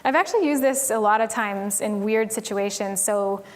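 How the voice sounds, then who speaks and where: A woman's voice: medium pitch, moderate pace. Chatty woman speaker, lots of fillers. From Tennessee, US. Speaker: conference speaker. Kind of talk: casual conference talk. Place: conference stage.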